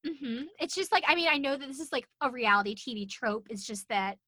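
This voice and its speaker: A woman's voice: sits high, animated, brisk, pushed and bright, no echo. A young woman co-hosting a podcast, chatting casually about a show, swearing and laughing often. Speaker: podcast co-host. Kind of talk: casual recap chat.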